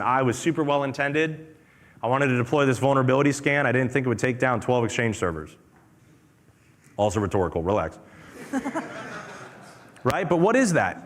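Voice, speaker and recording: A man giving an energetic conference talk as a company presenter, repeating key phrases in a casual way. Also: medium pitch. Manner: energetic, repetitive, conversational. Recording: long hall reverb.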